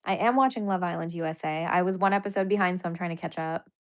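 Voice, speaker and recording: A woman's voice: on the low side, quick pace. Chatty woman hosting a live stream. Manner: chatty, reads viewer comments aloud, laughs often. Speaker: livestream host. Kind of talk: casual live-stream chat.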